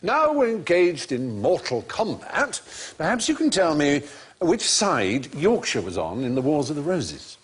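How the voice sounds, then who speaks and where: A man's voice: on the high side, wildly swooping pitch, unhurried, breathy edge. A man hosting a panel quiz show, putting questions to the panellists and explaining answers.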